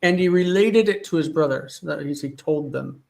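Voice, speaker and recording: A man's voice: a little high, normal speed, vocal fry, low-quality recording. A man teaching an online class, thinking aloud as he checks references partway through sentences. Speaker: Hebrew teacher. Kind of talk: live online class, working through texts. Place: home studio with one light.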